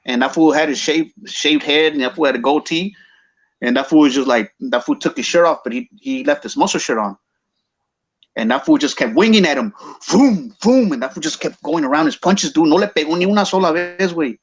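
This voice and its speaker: A man's voice: a little high, fairly quick, lo-fi sound. A man with a Chicano English accent telling a story casually, slangy and mixing English with Spanish.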